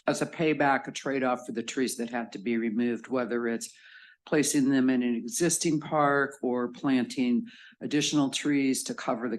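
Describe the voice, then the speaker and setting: Chatty resident woman asking the mayor. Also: very deep voice. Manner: chatty, laughing, rambling. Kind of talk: public meeting Q&A. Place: city hall meeting room.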